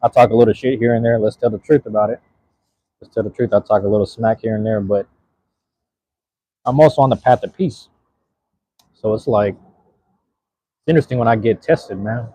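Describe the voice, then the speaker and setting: A man's voice: lowish voice, normal speed, pauses often, warm tone, breathy edge, dry recording. A man chatting casually to his live-stream audience while eating, laid-back and slangy, talking to viewers in the chat.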